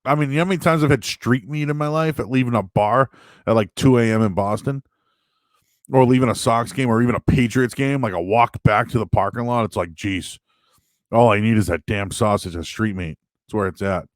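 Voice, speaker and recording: A man hosting a show, chatting casually and answering viewer questions in a rambling, animated way with sudden loud, high bursts. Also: fairly quick, no echo. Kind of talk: casual live-stream chat.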